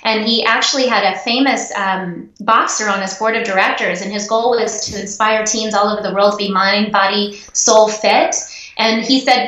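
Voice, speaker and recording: A woman guest in an interview, telling personal stories in an earnest, animated way. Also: mid-range voice, moderate pace. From United States. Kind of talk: interview storytelling. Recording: echoey, dull remote audio.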